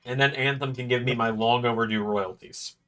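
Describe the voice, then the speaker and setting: A young man hosting a casual watch-along, chatty and knowledgeable with quick asides. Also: mid-range voice, fairly even intonation, fairly bright tone. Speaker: host.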